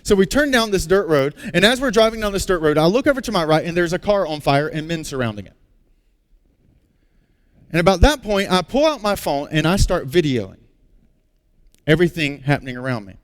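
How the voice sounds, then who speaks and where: A male pastor preaching a sermon. He tells a personal story with animated energy, then turns hushed and earnest. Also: on the high side, a little fast. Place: large church auditorium. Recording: long reverb of a large hall.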